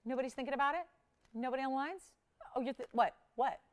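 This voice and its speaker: Chatty high-voiced woman jewelry host. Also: fast. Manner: chatty, laughs often, lively swings in pitch and volume. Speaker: live jewelry shopping host. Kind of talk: live TV shopping auction chat.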